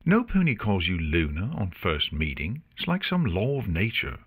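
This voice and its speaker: A man's voice: low voice, huge pitch swings, normal speed, husky, full character voice. A man voicing a cheeky, scheming young pegasus mare in a storybook reading, with a teasing, sarcastic manner. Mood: flustered.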